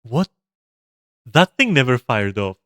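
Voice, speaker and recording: Bright, crisp-voiced male game streamer. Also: medium pitch, sing-song, slow pace, no echo, studio quality. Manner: rambling, swears often, bursts into laughter. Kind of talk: casual gameplay commentary to chat.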